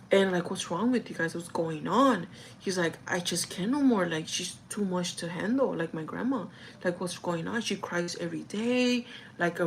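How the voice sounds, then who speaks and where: A woman's voice: medium pitch, slight background noise, rough recording. Young woman rambling through a storytime. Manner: rambling, filler-heavy, talks to viewers as "guys". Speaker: vlogger. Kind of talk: casual storytime chat.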